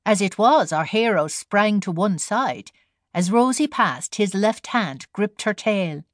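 A woman narrates a storybook in an unhurried, even reading voice. Her pitch sits in the middle of the range, and the recording is close and dry, with no room around her. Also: no room sound. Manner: storytelling read with voiced characters. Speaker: audiobook narrator. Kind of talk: scripted narration.

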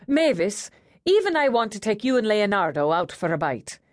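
A woman voicing a suave, wealthy Irish man in an audiobook, smooth and easy with a hint of strain. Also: medium pitch, very animated, normal speed, no echo, studio quality, lightly acted.

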